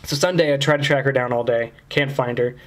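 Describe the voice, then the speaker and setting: Fast-talking man telling a crude story. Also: mid-range voice, steady tone. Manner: crude, rambling, lots of "like". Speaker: podcast host telling a story. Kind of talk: casual podcast storytelling.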